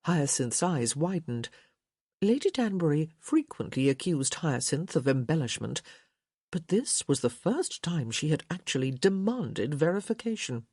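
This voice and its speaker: A woman reads an audiobook in an expressive, measured way. Her pitch moves a great deal, her tone is a little breathy, and the recording is close and dry. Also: no echo. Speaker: audiobook narrator. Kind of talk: scripted narration.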